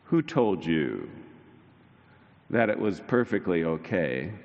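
A male pastor preaching a sermon, telling the story with lively mimicry of the disciples. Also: slow, creaky, muffled recording. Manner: animated storytelling, mimicking disciples in high voices. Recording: church hall reverb.

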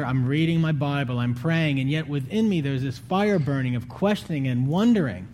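A man preaching a sermon in an earnest, conversational way, his voice climbing higher when he pleads. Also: fairly quick, few pauses, a little mellow, a little hiss or hum. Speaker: pastor.

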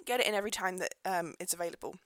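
A woman's voice: fairly low pitch, very fast, a bit bright, dry recording, poor audio. A pregnant woman hosting a casual solo podcast, ranting and laughing, swearing now and then, sometimes turning away from her microphone. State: pregnant, pulling away from mic. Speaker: podcast host, pub landlady. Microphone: podcast microphone, dry close sound.

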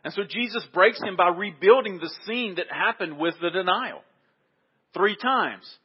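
A man delivers a sermon with emphasis, hammering home his points by repeating them. His voice sits a little high and sounds husky. The recording is dull and lo-fi. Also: animated, measured pace. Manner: emphatic, repeats key phrases. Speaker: preacher.

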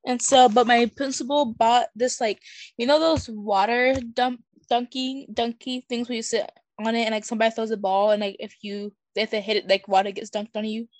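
A woman's voice: a little high, steady tone, moderate pace, no room sound. Teen girl rambling thru a school story, like like like, dry close sound. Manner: rambling, many fillers. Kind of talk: casual storytelling.

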